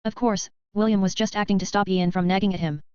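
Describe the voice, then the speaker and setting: A woman reading a web novel as an audiobook in a quick, even narration with barely changed character voices. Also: medium pitch, clean tone, no room sound. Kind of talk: scripted narration. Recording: slightly dull, dry sound.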